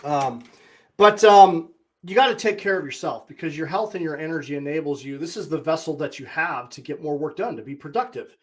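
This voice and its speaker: A man in his forties talks alone on his podcast in a casual, reflective way. His voice sits a little high for a man. He speaks candidly and plainly and does not mind a mild curse. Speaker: podcast host and high performance coach.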